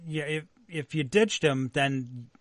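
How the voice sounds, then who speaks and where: A man's voice: fairly high pitch, takes it slowly, no echo. A man co-hosting a podcast, reading out news items with wry asides and chatting casually. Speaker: podcast co-host.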